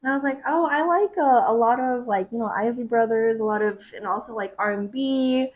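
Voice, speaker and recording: A young woman co-hosting a podcast, telling stories in a lively way, acting out what people said and laughing often. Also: fairly high pitch, a little fast. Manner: animated, acts out quotes, laughs often. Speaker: podcast co-host. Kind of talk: casual chat, storytelling.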